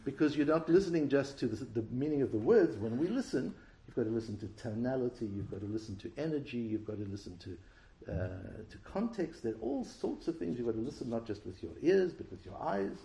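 A man's voice: medium pitch, lively intonation, brisk, vocal fry, warm tone. A man giving an explanatory Torah class who asks rhetorical questions and repeats words as he restarts his phrases. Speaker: Torah teacher. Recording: roomy echo.

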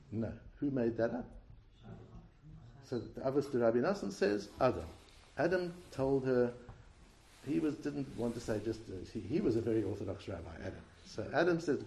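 A man's voice: mid-range voice, very animated, brisk, creaky, dark tone. A man giving an explanatory Torah class who asks rhetorical questions and repeats words as he restarts his phrases. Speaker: Torah teacher. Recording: roomy echo.

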